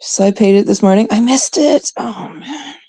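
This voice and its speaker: Casting note: young woman from Canada, unhurried rambling chat with a gravelly edge and dark, mellow tone. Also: medium pitch, no echo. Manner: chatty, rambling, drops into hushed asides. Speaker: streamer chatting with viewers. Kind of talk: casual chat.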